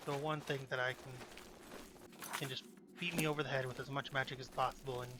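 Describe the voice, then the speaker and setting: A man's voice: mid-range voice, quick pace, background noise. A man playing a game, commenting in a goofy, chatty way and talking back to the characters. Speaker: let's play gamer. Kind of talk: casual gameplay commentary.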